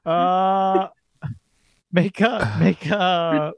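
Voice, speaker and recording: Brief: male game master, halting narration, highish voice, dry recording. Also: fairly even intonation, smooth, no room sound. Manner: hesitant, many fillers while describing scenes. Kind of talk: narrating a tabletop horror game.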